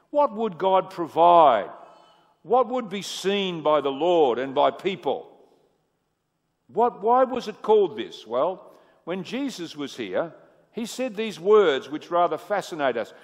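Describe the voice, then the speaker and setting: A man preaching a sermon. He swings from booming emphasis to hushed asides and asks the audience questions. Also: big pitch swings, takes it slowly. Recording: echoey hall with long reverb.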